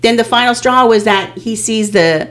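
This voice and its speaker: A woman's voice: on the high side, moderate pace, fairly bright tone. A woman co-hosting a casual podcast, recapping a reality show with many fillers. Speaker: podcast co-host.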